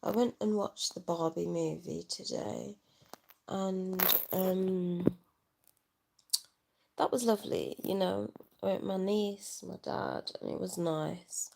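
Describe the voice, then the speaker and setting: A young woman rambling softly in an unplanned livestream chat, sad and tearful, talking into a handheld phone. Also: fairly low pitch, steady tone, takes it slowly, vocal fry, a little hiss or hum. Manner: rambling, soft-spoken, trailing off. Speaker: vlogger.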